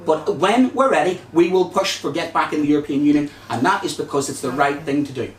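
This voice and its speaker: A man's voice: on the high side, a little fast. A man with a Northern Irish accent giving an impassioned, rhetorical debate speech as a Green Party candidate. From Northern Ireland. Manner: forceful, indignant, rhetorical. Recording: echoey hall, distant mic, faint noise.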